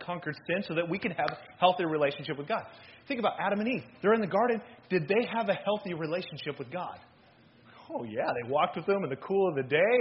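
A man preaching an animated sermon as pastor, swinging between loud and hushed delivery. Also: fairly high pitch, lo-fi sound.

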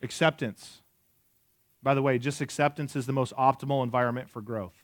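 A man's voice: medium pitch, fairly even intonation, fairly quick, dry recording, studio quality. Conversational man in his forties preaching. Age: 40s. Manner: conversational, asks the audience questions, jokes. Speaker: pastor. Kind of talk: sermon.

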